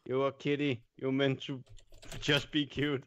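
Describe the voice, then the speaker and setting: A man's voice: mid-range voice, little pitch movement, measured pace, a bit bright, lo-fi sound. A tipsy man chatting casually on a stream, searching for English words now and then. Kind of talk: casual chat.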